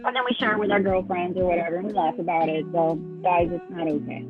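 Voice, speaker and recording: A woman's voice: lowish voice, steady tone, fast, phone-quality sound, music in the background. A woman guesting on a casual podcast, telling stories in a wry, exasperated way.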